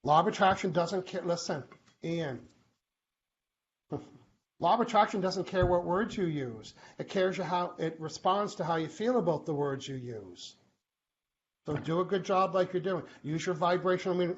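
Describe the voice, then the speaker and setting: A man hosting a live online question-and-answer show, chatty and animated, often acting out short quoted exchanges. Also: high-pitched, normal speed. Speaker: host. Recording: muffled live-stream audio with faint hiss.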